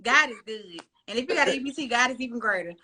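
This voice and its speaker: A woman guest on a podcast, telling animated stories in a casual, slangy way. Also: on the high side, fast, heavy background noise. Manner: animated storytelling, slangy and playful. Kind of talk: casual chat.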